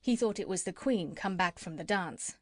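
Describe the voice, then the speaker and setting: A woman narrating a classic children's story as an audiobook, steady and gentle. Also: fairly low pitch, normal speed, dry recording, clean studio sound.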